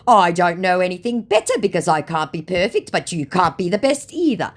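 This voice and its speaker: A woman's voice: fairly low pitch, very animated, a little slow, a little mellow, voice pushed up. A woman voicing a male romance scammer who poses as an engineer, answering with defensive, indignant retorts.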